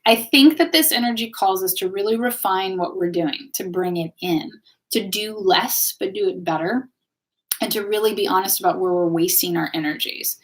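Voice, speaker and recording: A woman's voice: medium pitch, normal speed. A woman hosts a spiritual live stream and talks casually to the people watching. Her tone is chatty and encouraging, like a teacher guiding a group. She keeps checking in with her audience as she goes. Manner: chatty, warm-hearted, keeps checking in with viewers ("okay?", "right?"). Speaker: host of a live astrology and tarot stream.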